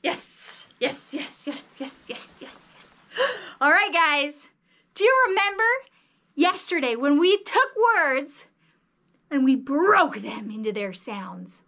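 A woman's voice: high-pitched, very animated, slow, a bit bright. A woman teaching children a phonics lesson in an exaggerated, sing-song teacher voice. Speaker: early reading teacher.

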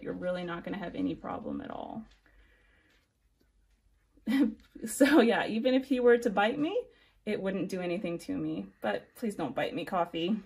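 A woman calmly explaining snakes and venom to children, friendly and plain. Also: medium pitch, gravelly, breathy edge. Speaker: snake keeper and educator.

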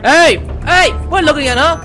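A man playing a horror game with friends, talking casually and breaking into high panicked yelps and screams. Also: normal speed. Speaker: gaming YouTuber. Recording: loud game music behind. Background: game music.

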